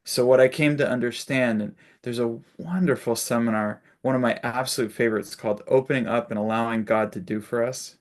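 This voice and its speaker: A man's voice: medium pitch, steady tone, a little fast, few pauses. A man facilitating a spiritual discussion on a video call, telling stories and acting out little quotes with laughs. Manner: warm storytelling with laughs and acted-out quotes.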